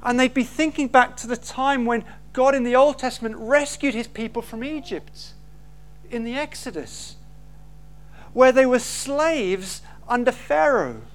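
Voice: medium pitch, animated, unhurried. A preacher, giving an emphatic sermon full of rhetorical questions.

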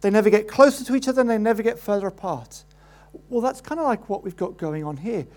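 A man preaching a sermon, animated, acting out the voices in the story. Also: fast. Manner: animated, acts out quoted voices with rising pitch.

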